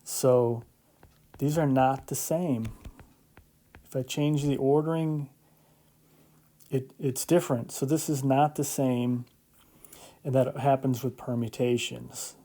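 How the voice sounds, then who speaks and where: A man's voice: mid-range voice, steady tone, takes it slowly, pauses often, warm tone. A man teaching a recorded math lecture, explaining step by step in a conversational way, with joking asides and frequent checks like "right?". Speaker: math instructor.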